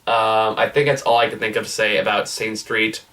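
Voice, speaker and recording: A man's voice: fairly low pitch, level tone, normal speed, fairly bright tone, recorded from a distance, slight background noise. A man giving a casual, rambling movie review, swearing freely and laughing as he retells scenes. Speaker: film reviewer.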